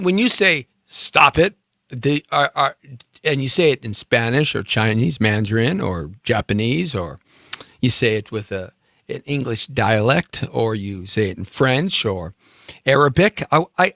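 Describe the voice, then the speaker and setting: A man hosts a live show and wanders from thought to thought with fillers and little jokes. His pitch swings widely as he talks. The sound is dry and close. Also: fairly bright tone, no echo. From United States. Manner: musing, meandering, jokey with many fillers. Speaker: talk show host. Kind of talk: rambling live-stream monologue.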